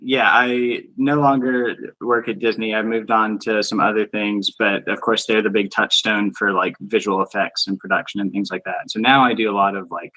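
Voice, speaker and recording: A man who designs live events, a podcast guest explaining things in a relaxed, casual way with many "like"s. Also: lowish voice, normal speed, hardly any pauses, poor audio. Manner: relaxed, explanatory, uses "like" a lot. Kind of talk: casual chat.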